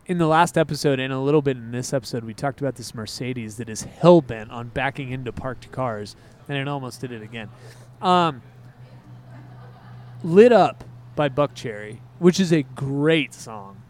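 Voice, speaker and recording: A man co-hosting a music podcast in casual chat. He talks in a rambling, excitable way and drifts off on tangents. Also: mid-range voice, normal speed. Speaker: podcast co-host.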